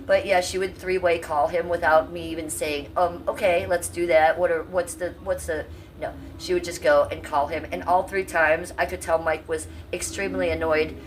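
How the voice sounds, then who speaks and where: Woman, fifties, low voice, chatty and salty livestreamer, slightly off-mic. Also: flat delivery, moderate pace, far from the mic, low-quality recording. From Cleveland, US. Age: 50s. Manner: chatty, salty, talks to chat. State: coughing. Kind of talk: casual livestream chat. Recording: voice a bit off-mic, faint room hum.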